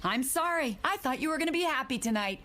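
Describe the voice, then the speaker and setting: A weary, placating cartoon mom. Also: female voice, high voice, animated, fast talker. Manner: soothing, pleading. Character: weary, placating middle-aged housewife and mother. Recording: hissy show audio.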